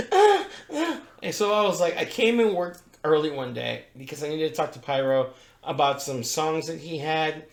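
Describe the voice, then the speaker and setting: A man who works as a strip club DJ, telling a profane story on a podcast and acting out the people in it. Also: a little high. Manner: profane, animated, acts out voices in his stories. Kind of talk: casual storytelling. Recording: echoey room.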